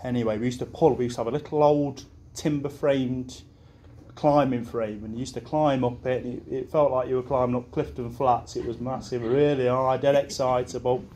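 A young man telling rambling childhood stories in a best man speech, often breaking into laughter and swearing casually. His voice sits at an everyday middle pitch. A faint hum of the reception room is heard behind him. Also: steady tone, brisk, warm tone. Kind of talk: wedding speech storytelling.

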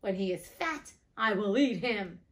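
A wicked old witch from a storybook , voiced by a woman reader, who stretches out every word slowly and leans on it hard. The voice sits at a middling pitch and carries a child-eating menace. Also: very animated, crowd noise. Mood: cruel. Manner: slow, drawn-out, emphatic delivery.

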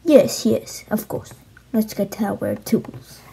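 Woman putting on a worried british schoolboy wizard, eager questions, soft mellow tone. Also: medium pitch, takes it slowly, creaky, husky, exaggerated voice, poor audio. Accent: put-on British.

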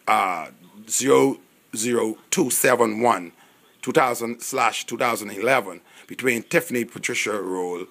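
A man's voice: medium pitch, a bit bright. Indignant Bahamian man ranting. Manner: rambling, indignant, restarts often. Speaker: self-recorded speaker. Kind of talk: impassioned monologue.

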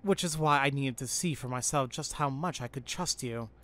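A man voicing a calm, cryptic teenage schoolgirl in a matter-of-fact, deadpan way while reading game dialogue aloud. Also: medium pitch, normal speed, close to an everyday voice.

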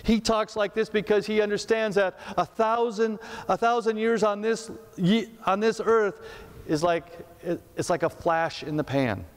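Male pastor, slightly high voice, chatty preaching full of rhetorical questions, long sanctuary reverb. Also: a little slow, clear, resonant tone. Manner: conversational, asks rhetorical questions, repeats words. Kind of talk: sermon. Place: church sanctuary.

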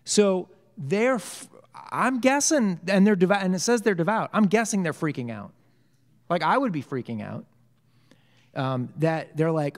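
His high, expressive voice moves a little slowly as he runs a relaxed Bible study in a church hall, where a long reverb trails his speech. He keeps it conversational, joking with the group and testing them with questions.

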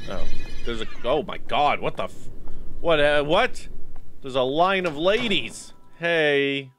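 A man's voice: on the high side, expressive, slow, a bit bright, slight background noise. A man giving casual, joking let's-play commentary, reading game dialogue aloud and muttering to himself as he plays. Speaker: gaming YouTuber.

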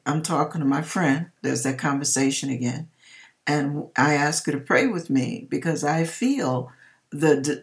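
A woman with a slightly low-pitched voice shares a personal faith testimony. She tells it in an emphatic, expressive way, with church-style exclamations throughout. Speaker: hairdresser sharing a personal testimony.

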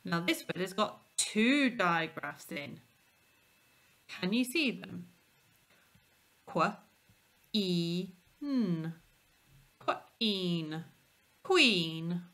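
Slow, bright-voiced teacher. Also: female voice, fairly low pitch, lively intonation. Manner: slow, clear, sounding out letters. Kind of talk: phonics lesson for young children.

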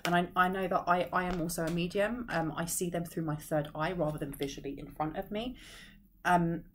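Woman, tarot reader and medium, lower register, meandering delivery with sighs, reading to camera. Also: steady tone, brisk, a little hiss or hum. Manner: rambling, searches for words, frequent sighs. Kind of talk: intuitive tarot reading to viewers.

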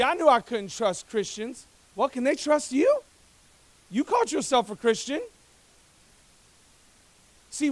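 Male pastor, high voice, lively sermon, talks to the crowd, stumbles and repeats words. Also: no room sound. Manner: energetic, conversational, jokes with the congregation, asks rhetorical questions; repeats words when speeding up. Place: church service.

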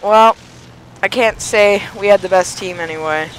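A man's voice: sits high, normal speed. A teenage boy giving let's play commentary on a flight combat game, yelping and pleading at the screen as he plays. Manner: excitable, yelps and pleads at the game. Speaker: gaming YouTuber. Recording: noisy game audio behind voice. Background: engine and gunfire game sounds.

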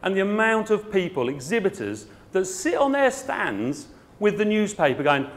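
Man, middle-aged, blunt and joking on stage, lively higher voice. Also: normal speed. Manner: blunt, comic, puts on voices. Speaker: garden centre owner and speaker. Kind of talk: conference talk.

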